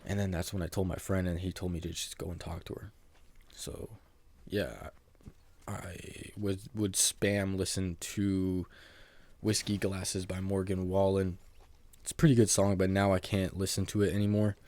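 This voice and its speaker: A man's voice: low voice, flat delivery, moderate pace, a little mellow. A young man telling an embarrassing story from his school days in a rambling, self-mocking casual monologue, full of "like" and "bro".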